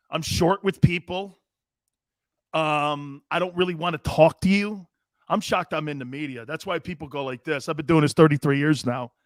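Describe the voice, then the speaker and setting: A brash man in his fifties hosts a sports talk show, casually reading live comments, cursing freely and laughing between lines. His voice is high-pitched and fairly bright, captured in clean studio sound with no room echo.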